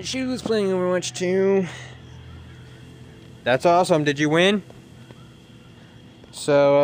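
A young man chatting excitedly to his viewers while streaming a game, swearing freely. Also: medium pitch, a little hiss or hum. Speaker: livestreamer. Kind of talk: casual live gameplay chatter.

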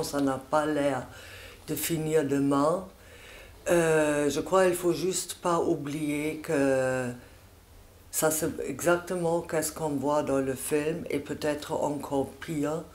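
Slow, earnest man in an echoey room. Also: a little high. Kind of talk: spoken reflection on a film.

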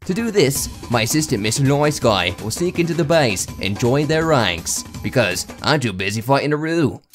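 A man voicing an over-the-top male nature show presenter in a deliberately bad put-on Australian accent, hammy and exaggerated. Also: medium pitch, expressive, soft background music, lightly acted. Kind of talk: parody wildlife documentary.

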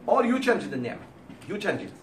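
A man lecturing a class of women, his voice rising and falling in an animated way and slipping into the voices of the people he quotes. His pitch sits a little high for a man. He is recorded from across an echoey room, with a faint hiss behind him. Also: fairly quick. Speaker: Islamic teacher. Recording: roomy, distant mic, faint background.

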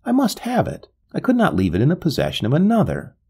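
A man voicing a frail, grieving old gentleman who speaks formally and pleads. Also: a little high, wildly swooping pitch, fast talker, creaky, husky, pitched above the performer's own voice, exaggerated voice. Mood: pleading. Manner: formal, imploring, trembling.

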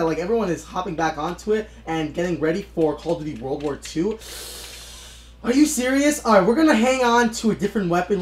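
Young guy yelling and chatting over a shooter game, bouncy voice all over the place, echoey room. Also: sits high. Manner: excitable, bursts into shouts at the game. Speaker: gaming YouTuber. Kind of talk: live gameplay commentary. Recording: roomy echoey room sound.

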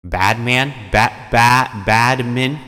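A man's voice: mid-range voice, slow, sharp tone, no room sound, clean studio sound. A man hosting a gameplay video, chatting casually and playfully, with frequent gasps and laughs. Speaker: gaming video host.

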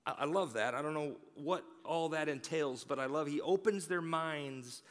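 A man preaching a sermon in a church, energetic and conversational, stammering now and then. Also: a little high, moderate pace, in a large hall. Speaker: pastor. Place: large church sanctuary.

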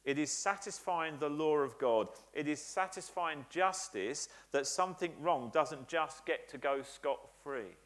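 A man's voice: fairly high pitch, animated, a little slow, hardly any pauses, fairly bright tone. A man preaching a sermon in a church, earnest and emphatic, building his points by repetition with frequent "uh" fillers. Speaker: pastor.

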